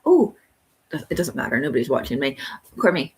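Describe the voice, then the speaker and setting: A woman's voice: very deep voice, very animated, normal speed, a little mellow, a little hiss or hum. A woman hosting a live book club stream, rambling casually about a TV episode and thinking aloud with lots of ums.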